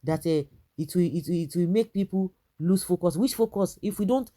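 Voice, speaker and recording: A woman's voice: lowish voice, brisk, mellow. A woman with a Nigerian accent giving indignant political commentary, firing rhetorical questions and restarting her sentences.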